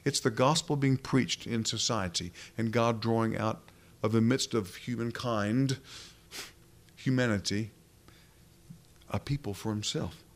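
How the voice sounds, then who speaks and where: A man preaching a sermon in an earnest, emphatic way, asking rhetorical questions as he works through scripture. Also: mid-range voice.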